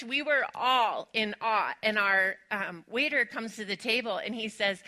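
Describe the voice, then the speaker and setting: Bright-voiced woman pastor telling a story. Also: high-pitched, expressive, normal speed, few pauses. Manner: chatty and warm, laughs often, gets emotional. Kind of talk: sermon with personal storytelling. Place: church sanctuary.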